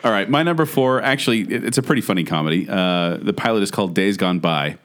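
A man's voice: fairly low pitch, quick pace, a bit bright. A young man co-hosting a casual chat, easygoing and joking with his friends. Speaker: podcast co-host.

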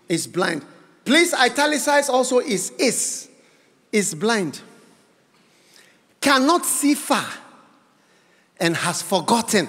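High-voiced man preaching fervently in a hall. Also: husky. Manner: fervent, often shouting for emphasis. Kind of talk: sermon. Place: large church auditorium. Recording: long hall reverb, faint congregation.

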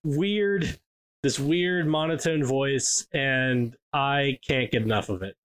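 A man's voice: mid-range voice, slow pace, fairly bright tone, smooth. A man co-hosting a podcast in casual chat, rambling with lots of fillers and restarts. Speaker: podcast co-host.

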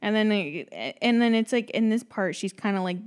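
A woman's voice: medium pitch, normal speed, clean tone. A young woman co-hosting a casual podcast chat about a TV episode. She is chatty, laughs easily and acts out characters' lines. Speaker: podcast co-host.

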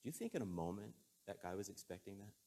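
A man preaching a sermon in a relaxed, conversational way, telling a story earnestly and with emotion. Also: on the low side, quick pace, vocal fry, slightly rough.

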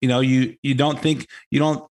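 A man's voice: medium pitch, flat delivery, normal speed, a little mellow. A man hosting a talk show, delivering an opinionated commentary monologue in a sarcastic, mocking tone that rambles with many restarts.

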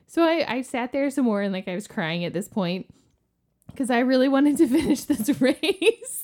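A woman in her forties co-hosting a podcast, telling a story in a casual, animated way and acting out the quotes. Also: normal speed. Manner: animated, acts out quotes with big pitch jumps. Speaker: podcast co-host.

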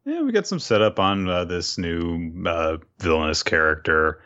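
A man's voice: deep voice, sing-song, moderate pace, a bit bright. Playful man co-hosting, dull lo-fi sound. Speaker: podcast co-host. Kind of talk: casual chat.

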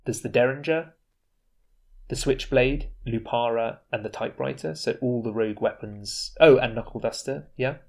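Guy on a game podcast, medium pitch, chatty and excited, lots of asides. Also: vocal fry. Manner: enthusiastic, chatty, quick asides. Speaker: podcast co-host. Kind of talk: casual board game discussion.

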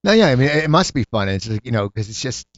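A man's voice: medium pitch, big pitch swings, quick pace, no echo, highs cut off. A male host asking rambling, restarting questions in a casual interview.

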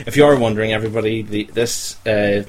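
A man's voice: on the low side, fairly even intonation, fast talker. A young man, hosting a casual chat show and joking with the listeners. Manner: chatty, joking, talks to the audience. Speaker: podcast host.

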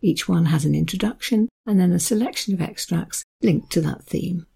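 A woman with a gravelly, husky voice presents a book and reads short passages from it. Her tone is dark and mellow. She explains things in a relaxed, conversational way. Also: fairly low pitch, moderate pace. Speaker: book reviewer. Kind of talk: book review with read extracts.

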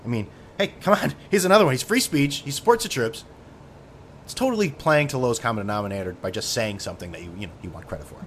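A man's voice: medium pitch, expressive, fast, a little hiss or hum. Sardonic man rambling on a podcast. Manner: sardonic, profane, tangent-prone. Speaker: podcast host. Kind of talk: casual rambling monologue.

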